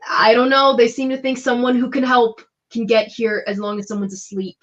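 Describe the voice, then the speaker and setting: A woman's voice: mid-range voice, flat delivery, very fast, fairly bright tone, husky, lo-fi sound. A woman voicing a young man who speaks bluntly and sounds startled when he is crowded.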